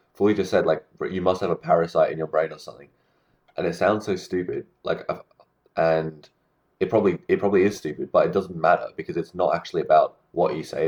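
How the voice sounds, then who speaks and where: A young man with a very deep voice talks casually about social skills, full of fillers and restarts. The recording is slightly dull and muffled. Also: a little mellow. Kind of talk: casual talking-head advice monologue.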